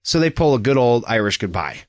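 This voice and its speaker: A man co-hosting a casual podcast about a book, talking in a lively, profane way and acting out quotes. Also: mid-range voice, brisk, dry recording, studio quality. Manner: animated, profane, acts out quotes. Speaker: podcast co-host. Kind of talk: casual book-discussion chat.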